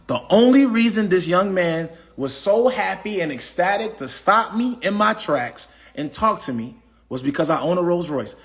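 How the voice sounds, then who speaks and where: Brief: high-pitched man, AAVE, preachy livestream motivational speaker, repeats himself. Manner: preachy, repetitive, asks the audience questions. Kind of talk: casual motivational talk.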